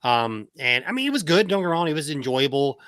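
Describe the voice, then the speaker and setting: A man's voice: a little high, very animated, quick pace, a bit bright, dry recording, clean studio sound. A man giving his take on a film in a casual podcast chat, hesitant and rambling with many fillers. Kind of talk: casual movie review chat.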